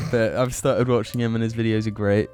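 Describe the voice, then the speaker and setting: Wry low-voiced male podcaster. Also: little pitch movement, normal speed, a little mellow, faint music behind. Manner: wry storyteller, laughs at himself. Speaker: podcast co-host. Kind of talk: casual chat.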